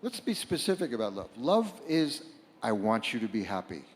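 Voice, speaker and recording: A man's voice: lowish voice, sing-song, slight background noise. Man speaking in a reverberant hall. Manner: halting, repeats words, rises to loud bursts. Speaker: speaker at a book fair panel. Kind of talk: reflective public talk. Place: large hall before a live audience.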